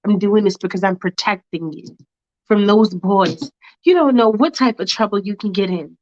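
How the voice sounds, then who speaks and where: A woman voicing a grown man who talks to teenagers in a calm, stern, fatherly way. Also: dull audio, lightly acted. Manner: low, measured, scolding.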